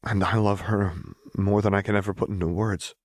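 A man reading a fan fiction audiobook, voicing a tender and devoted young woman in a soft, earnest way. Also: on the low side, level tone, a little fast, dry recording, studio quality, lightly acted.

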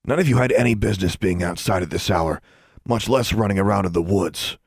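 A stern, folksy school warden, voiced by a male reader, who scolds the children in a gravelly, raised tone. The sound is dry and close. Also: fairly low pitch, a little fast, no room sound. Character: gruff stern grown man, school groundskeeper.

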